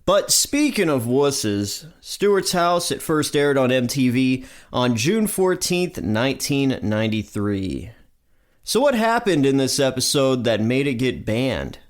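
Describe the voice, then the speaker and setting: A man's voice: mid-range voice, sing-song, measured pace. A man with a stuffy nose from allergies, hosting a podcast and recapping a cartoon episode in a chatty, upbeat way. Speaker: podcast host.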